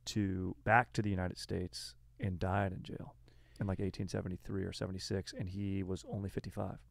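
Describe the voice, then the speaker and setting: A laid-back man hosts a podcast in loose, casual chat, dropping "dude" into every other sentence. His voice sits fairly low with a gravelly edge, and he is feeling sick. The close mic sounds dry. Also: level tone, brisk, dry recording. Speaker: podcast host.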